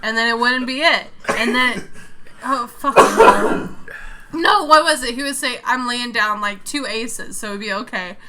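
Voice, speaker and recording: A woman's voice: a little high, unhurried, sharp tone, slight background noise. A young woman co-hosting a podcast, telling a story with lots of laughter and swearing. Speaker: podcast co-host. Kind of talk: casual chat.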